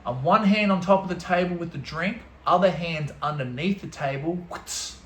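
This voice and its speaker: A young man telling an animated, slangy story full of swearing, as a vlogger. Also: on the high side, normal speed, roomy sound, slight background noise. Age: young adult. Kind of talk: storytelling vlog.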